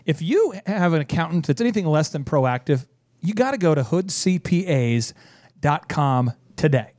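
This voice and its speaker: A high-pitched, very lively man runs a business talk show, joking and acting out other people in playful put-on voices. The sound is dry and close, with no room around it. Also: normal speed, no room sound. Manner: animated, jokey, switches into mock voices. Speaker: show host and business coach.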